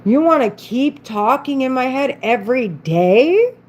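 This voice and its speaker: A woman's voice: high-pitched, expressive, unhurried, a little mellow, a little hiss or hum, rough recording. Agitated, rambling woman with a raised voice. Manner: agitated, rambling, frequent swearing. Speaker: vlogger. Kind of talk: unscripted monologue to camera.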